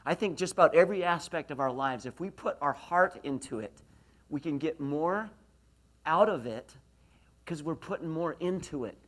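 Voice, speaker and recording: Animated man telling stories to an audience. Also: a little high, moderate pace. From Idaho, USA. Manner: storytelling, audience questions, self-deprecating humor. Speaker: motivational speaker. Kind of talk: university lecture talk. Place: university lecture hall.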